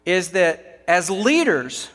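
A high-voiced Texan man preaches with emphatic rhetorical questions, his voice ringing through a large hall. The long reverb trails each line. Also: big pitch swings, takes it slowly, a bit bright. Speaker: pastor. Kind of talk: sermon.

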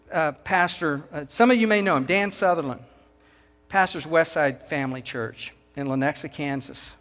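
With a high, slightly bright voice, a Texan pastor preaches a sermon to church leaders. He is emphatic, hammering home his message through rhetorical questions aimed at the audience. Long reverb from a hall lingers around his words.

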